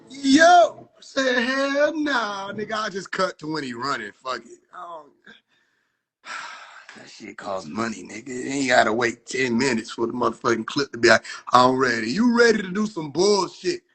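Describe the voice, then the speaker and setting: Young man with husky raised voice. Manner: exasperated, profane, often shouting in disbelief then dropping to low mumbles. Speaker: video creator reacting to his own AI clips. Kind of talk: casual reaction commentary.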